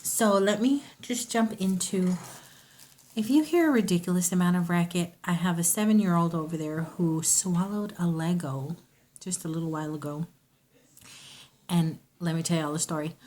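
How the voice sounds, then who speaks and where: A woman's voice: fairly low pitch, moderate pace, darkish tone. Chatty woman rambling through a haul. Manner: chatty, rambling, self-interrupting. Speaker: vlogger. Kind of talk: casual haul video chat.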